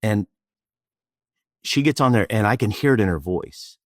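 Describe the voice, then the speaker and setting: Middle-aged male coach from Texas, animated storyteller with a deep, dry voice. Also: normal speed, no room sound. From Austin, Texas. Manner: animated, acts out dialogue. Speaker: guest, presentation coach. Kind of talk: storytelling in interview.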